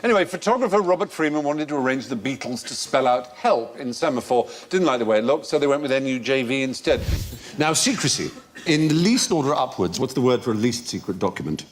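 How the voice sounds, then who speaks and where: A man's voice: mid-range voice, lively intonation, fast, a little hiss or hum. A British man hosting a comedy quiz panel, explaining trivia in a wry, teasing way. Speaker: quiz show host. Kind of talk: panel show quizmastering.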